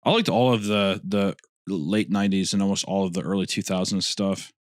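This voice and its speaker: A man's voice: sits low, fairly quick, no room sound, clean studio sound. A young man co-hosting a casual podcast, talking in a loose, swearing, rambling way. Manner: lively, swearing, trails off and restarts. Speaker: podcast co-host. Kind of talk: casual crude podcast chat.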